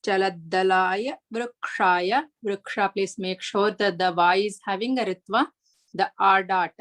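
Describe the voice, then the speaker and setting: A woman teaching the pronunciation of a chanted verse, patiently explaining each sound step by step and chanting the lines slowly. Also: mid-range voice, steady tone, fairly bright tone. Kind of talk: online pronunciation lesson.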